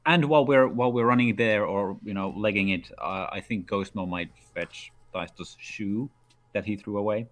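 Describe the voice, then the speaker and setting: A man playing in a tabletop game, talking through plans in a relaxed, chatty way. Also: fairly low pitch, moderate pace. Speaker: player. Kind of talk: casual tabletop game chat.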